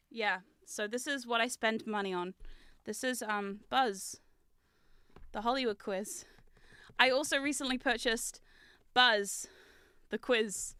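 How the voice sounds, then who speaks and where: A woman streamer chatting casually while building and unboxing, talkative, laughing often and swearing in loud outbursts. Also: fairly high pitch, clear, resonant tone, no room sound. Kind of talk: casual live-stream chat.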